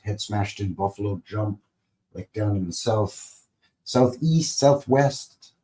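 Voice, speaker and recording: Man, slightly low voice, casual live-stream host, rambling, playful. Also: darkish tone. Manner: rambling, playful, makes goofy sound effects. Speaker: livestream host.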